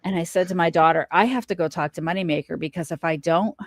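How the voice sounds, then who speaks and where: A middle-aged woman tells her story as a guest on a podcast, slipping into the voices of the people she quotes. Her voice sits a little low, and the sound is close and dry with no room around it. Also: fast, no echo. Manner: animated storyteller, acts out quoted lines. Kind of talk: casual storytelling interview.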